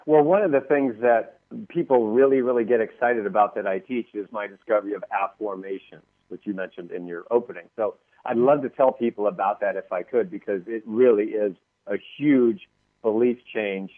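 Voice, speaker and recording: A man's voice: fairly low pitch, normal speed, no room sound. A male author as an interview guest, telling stories animatedly and acting out the voices of people he quotes. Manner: lively, acts out quoted voices, laughs often. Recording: dry phone-line sound.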